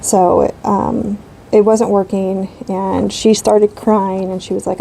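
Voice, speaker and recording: Gravelly-voiced mom chatting casually. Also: female voice, medium pitch, little pitch movement, takes it slowly, dark tone, a little hiss or hum, rough recording. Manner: rambling, frequent ums and likes. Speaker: craft channel host. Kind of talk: casual chat while coloring.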